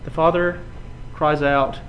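A man preaching a sermon, building from quiet passages to loud, emphatic runs and often repeating his words. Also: fairly high pitch, steady tone, slow, slight background noise, poor audio. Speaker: pastor.

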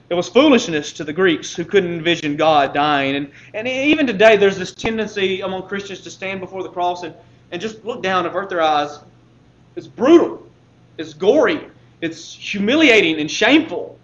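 A man's voice: a little high, highs cut off, a little hiss or hum. A man preaching a sermon, building with repetition into fervent, impassioned appeals.

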